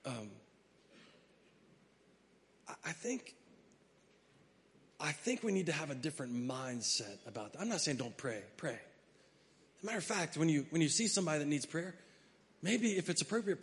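A man with a high voice preaching a sermon in a church sanctuary. He drifts between low, chatty asides and loud, stirring preaching, and reads scripture aloud with weight. Long reverb from the hall trails behind every phrase. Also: expressive, brisk, pauses often. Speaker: pastor.

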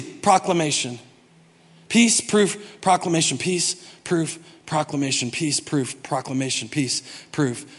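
A man preaching a sermon as pastor, humorous, swinging from soft asides to loud, emphatic bursts. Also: medium pitch, big-room sound.

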